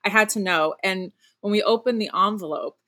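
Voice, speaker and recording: A woman co-hosting a casual chat, talking about her husband and daughter with quick asides. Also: medium pitch, sharp tone.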